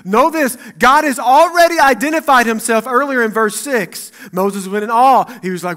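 A man preaching a sermon as pastor in a church, acting out Bible dialogue and swinging between loud and hushed. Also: very high-pitched, moderate pace, hardly any pauses.

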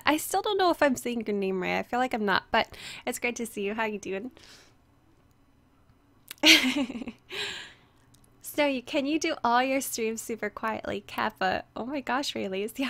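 This young woman has a high voice with a fairly bright tone, and she is streaming a game while casually chatting with her viewers over a headset. Screaming the day before has left her voice strained, and her greetings to people by name are full of fillers.

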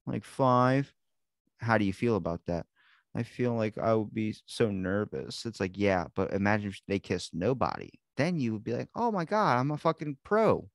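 A man's voice: lowish voice, animated, normal speed, creaky, no room sound, studio quality. A man co-hosting a podcast, talking in a rambling, profane way and acting out voices in his stories. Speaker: podcast co-host. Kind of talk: casual chat.

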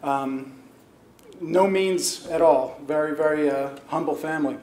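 A man's voice: on the high side, measured pace, a little mellow. A middle-aged man giving a chatty, self-deprecating banquet acceptance speech as a hall of fame inductee, laughing at his own stories. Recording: roomy hall with faint noise.

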